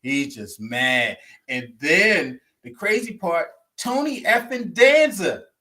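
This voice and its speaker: High-voiced excitable man joking. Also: slow pace. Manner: excited, joking, quotes characters. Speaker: podcast co-host. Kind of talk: casual chat recapping TV episodes.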